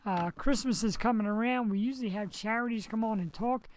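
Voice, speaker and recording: This host has a high voice and talks fairly quickly while streaming his live internet show from home on a headset mic. He's recovering from surgery, and his loose, chatty rambling includes jokey asides, all captured in a rough recording.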